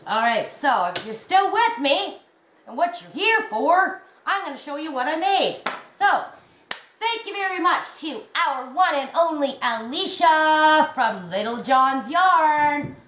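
A woman's voice: high voice, expressive, slow pace, a bit bright, reverberant, slight background noise. A Canadian woman chatting casually to camera at home, rambling and calling her viewers guys. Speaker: crochet vlogger. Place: at home in a warm room.

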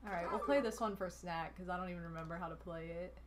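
A young woman live-streaming a party card game, chatting casually and teasing her partner with animated exclamations. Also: mid-range voice, fast, few pauses, faint music behind.

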